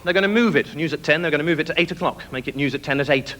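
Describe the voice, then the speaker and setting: A man doing a quick-fire stand-up routine with jokes. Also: a little high, sharp tone, a little hiss or hum. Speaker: stand-up comedian.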